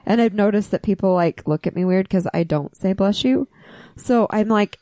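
An American woman rambles through a story on a casual podcast, animated and chatty. Her voice sits at an ordinary middle pitch. The sound is dry and close, with no room around it. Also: brisk, no room sound. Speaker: podcast co-host. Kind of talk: casual chat.

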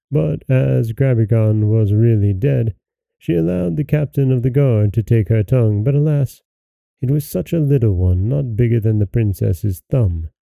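A man hosting and narrating a folktale in a slow, measured storybook reading. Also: medium pitch, vocal fry, warm tone, no echo. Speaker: host and narrator.

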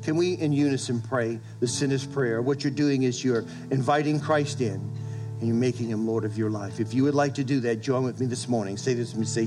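A man's voice: mid-range voice, brisk, over music. A male pastor preaching a sermon to his congregation, emphatic, repeating phrases and restarting with stammers. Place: church service with congregation.

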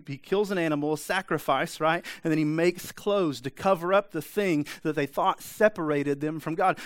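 A man preaching with a fairly high voice, talking straight to his listeners with pointed questions and blunt asides. The sound is close and dry, with no room echo. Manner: emphatic, conversational preaching with rhetorical questions. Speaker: pastor. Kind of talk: sermon.

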